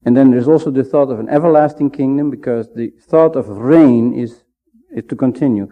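A man giving a measured, emphatic Bible teaching sermon, pausing often to stress his points. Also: medium pitch. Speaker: preacher. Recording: dull lo-fi sound.

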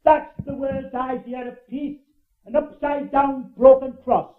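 An older preacher with a rather high voice delivers a fervent evangelistic sermon, repeating his phrases for emphasis. He swings from urgent, ringing cries to low, hushed asides. The old recording sounds thin and phone-like, with a roomy echo around him. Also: fairly even intonation, unhurried. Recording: tinny, echoey old sermon tape.

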